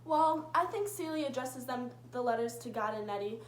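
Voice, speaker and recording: A woman's voice: on the high side, lively intonation, normal speed, slight background noise. A teenage girl earnestly giving prepared answers as a guest in a scripted student talk show. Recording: echoey room.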